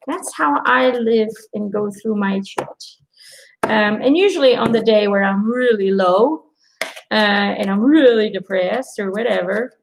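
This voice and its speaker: On a low-quality recording with a bit of hiss or hum, a middle-aged woman with a medium-pitched, gravelly voice hosts a live angel card reading. Chatty and reassuring, she talks straight to her viewers and tells lively stories sprinkled with quoted asides.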